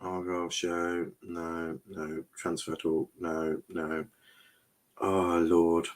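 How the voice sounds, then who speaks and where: A young man with a fairly low voice chats casually on a live stream, reading out comments as he goes. He rambles, trips over his words and drops the odd swear. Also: flat delivery, drawn-out words, slight background noise. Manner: chatty, rambling, swears, stumbles and repeats himself. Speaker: watchalong streamer host.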